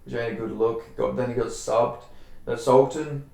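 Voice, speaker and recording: An Australian man talks through fight predictions in a loose, rambling way, circling back on his words and swearing casually. His voice sits at an ordinary middle pitch. The recording rings with heavy room echo. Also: steady tone, moderate pace, vocal fry, mellow. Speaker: MMA fight predictions host. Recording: very echoey room.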